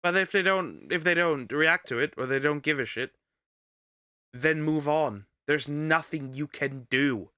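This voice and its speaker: Male streamer reaction voice: bright and tense tone, dry close sound, blunt and ranting. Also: fairly high pitch, unhurried, smooth, no room sound. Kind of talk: casual reaction commentary.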